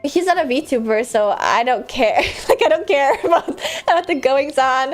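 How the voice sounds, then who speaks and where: High-voiced woman streamer, rambly chat. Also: animated, normal speed, few pauses, faint music behind. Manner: rambling, filler-heavy, with sudden loud outbursts at the game. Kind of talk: casual live-stream chat while gaming.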